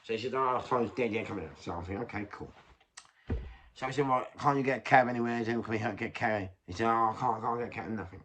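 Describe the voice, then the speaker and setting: A man's voice: medium pitch, fast, fairly bright tone, a little hiss or hum. An older man with a London accent tells a rambling street story in casual chat, swearing and laughing at himself. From England. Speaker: vlogger.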